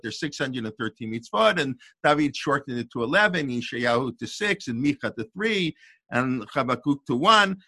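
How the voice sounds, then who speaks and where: A man's voice: medium pitch, bright, forceful tone, no room sound. An older man giving an informal Torah lesson as a rabbi, thinking aloud in a discursive way with restarts and asides.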